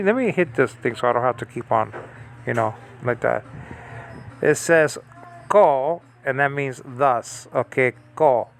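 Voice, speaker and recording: A middle-aged man walks through a lesson on biblical Hebrew letters from home, talking in a halting, chatty way with plenty of fillers and restarts. His mid-pitched voice has a gravelly edge but carries smooth and clear. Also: a bit bright. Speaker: Bible language teacher. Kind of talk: informal screen-share lesson. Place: home in the Philippines.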